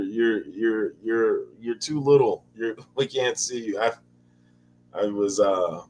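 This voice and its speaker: A man hosting a casual livestream chat, rambling and halting, with many fillers and restarts. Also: fairly low pitch, low-quality recording. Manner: chuckles often between lines. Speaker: livestream host.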